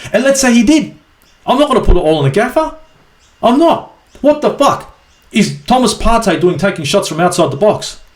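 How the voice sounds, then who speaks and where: A man's voice: high-pitched, reverberant. An Australian man ranting angrily as a football fan vlogger in a profane, exasperated match review. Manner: angry, sweary, exasperated.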